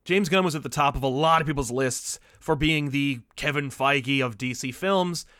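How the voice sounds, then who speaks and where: A man's voice: mid-range voice, moderate pace, fairly bright tone, no echo, studio quality. A man hosting a podcast about comics, talking in a chatty, opinionated, easygoing way. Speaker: podcast host. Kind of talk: casual commentary.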